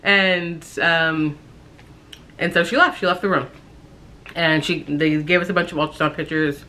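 A young woman casually telling a personal story on her vlog, talking in a halting, reflective way with frequent fillers and restarts. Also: deep voice, fairly even intonation, pushed and bright.

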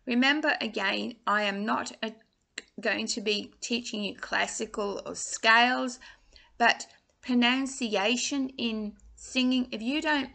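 A woman in her sixties teaching an online singing lesson, explaining slowly and deliberately with some restarts. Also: fairly high pitch, fairly even intonation, gravelly, sharp tone. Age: 60s.

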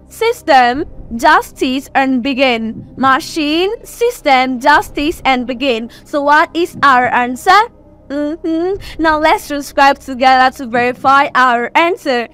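A woman from Nigeria tutoring exam students on vowel sounds in a recorded online lesson, slowly repeating and drawing out each word. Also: high voice, a bit bright. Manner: slow, repetitive teaching, drawing out and repeating words.

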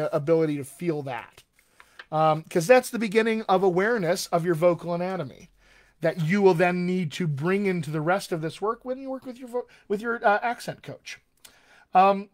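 A man with a high-pitched voice coaches dialect in a live-streamed lesson. Encouraging and talkative, he drops to a very slow pace to lead repeat-after-me exercises.

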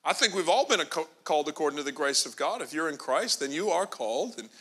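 A man's voice: a little high, animated, fast, bright, forceful tone, slightly rough. A man preaching a sermon, telling a story with humor and acting out the characters' lines. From Canada. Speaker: pastor.

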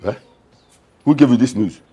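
A man's voice: medium pitch, normal speed, dark tone, husky, close to an everyday voice. An actor with a Nigerian accent playing a middle-aged father in a film drama who mocks and blusters. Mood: mocking. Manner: mocking, blustering. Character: scornful older father demanding his food. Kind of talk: Nollywood film acting.

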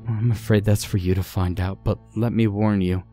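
A man's voice: steady tone, moderate pace, warm tone, faint music behind, lightly acted. A man voicing a sad, resigned ghost woman who speaks in a tired, heavy way. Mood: weary. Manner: tired, heavy, low-voiced.

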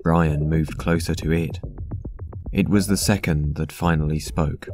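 A man reading a dark story aloud in a measured, even narration. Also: extremely low pitch. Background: synth music.

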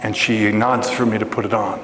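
A man preaching a storytelling sermon as guest preacher, animated and acting out the voices in his story. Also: brisk, echoey room, long reverb tail, a little hiss or hum, rough recording. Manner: animated, acts out voices with big pitch jumps. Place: church sanctuary.

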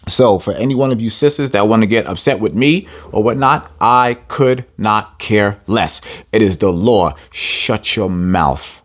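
A man leads a scripture lesson in an emphatic teaching voice. He repeats key phrases for stress and speaks straight to his listeners as family. His pitch rises and falls in lively swings. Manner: addresses listeners directly as family. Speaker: Bible teacher.

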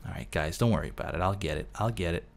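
Losing his voice, a let's play host still chats away to himself, narrating as he builds and fusses over every detail. He speaks very fast in a deep, gravelly voice.

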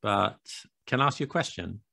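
A man's voice: on the low side, animated, fairly quick, creaky, pushed and bright, husky, dry recording, clean studio sound. A British man co-hosting a podcast in casual chat, playful and teasing, with self-mocking asides. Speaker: podcast co-host.

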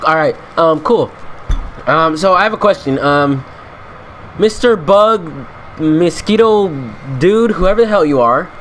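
A man's voice: fairly high pitch, animated, measured pace, a bit bright, slight background noise. A man giving casual, jokey commentary while playing a game, chatting to the enemies and laughing often. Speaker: let's play gamer.

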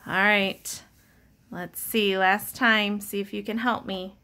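A woman teacher giving a patient, encouraging reading lesson, sounding out letters slowly for young children. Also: mid-range voice, flat delivery, pushed and bright. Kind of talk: slow, clear early-reading lesson.

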